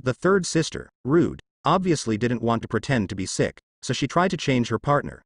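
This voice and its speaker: Man narrating a story, lively pitch. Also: moderate pace, few pauses, slightly rough, no room sound, studio quality. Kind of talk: reading translated web fiction.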